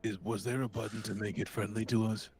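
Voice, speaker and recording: A man doing a low, gentle seven-foot giant. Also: little pitch movement, fairly quick, very noisy, lightly acted. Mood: worried.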